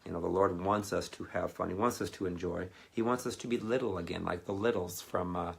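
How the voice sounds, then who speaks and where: Speaking briskly, this ministry speaker's low, gravelly voice carries a meandering personal story during a laid-back sermon. He drops in fillers and asides and acts out quoted voices with animation.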